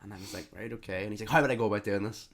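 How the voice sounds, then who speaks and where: Young male podcast co-host with a slightly low voice, spinning a casual anecdote and voicing the characters in it himself. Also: very fast. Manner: animated anecdote teller who acts out the other people's lines. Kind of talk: casual storytelling chat.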